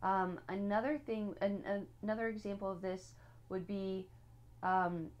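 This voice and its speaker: A parenting teacher with a medium-pitched, steady voice speaks a little slowly in a casual, conversational lesson. She's earnest and direct, assigns homework, and admits her own slips along the way.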